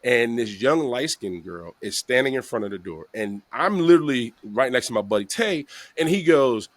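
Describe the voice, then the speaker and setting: A man's voice: medium pitch, normal speed, no room sound. A man hosting a podcast, telling a long story with lots of acted-out quotes. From New York. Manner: animated storyteller, acts out quotes. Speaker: podcast host. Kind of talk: casual storytelling interview.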